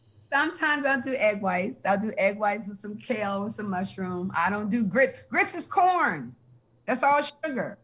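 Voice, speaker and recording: A woman's voice: mid-range voice, lively intonation, a little slow, a bit bright. A woman giving frank, emphatic health advice in casual chat, laughing now and then. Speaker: health guest.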